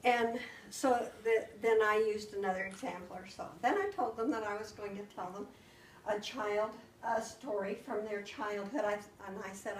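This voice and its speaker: An older woman, a grandmother, telling a story to her family with animated, giggly delivery. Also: medium pitch, normal speed, slight background noise. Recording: roomy room, mic at a distance.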